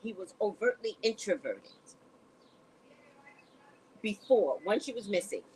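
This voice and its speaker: A woman hosting a podcast, reading from a police report and adding her own animated commentary in casual chat. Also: mid-range voice, measured pace, a little hiss or hum, poor audio. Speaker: podcast host. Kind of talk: casual chat recounting a news case.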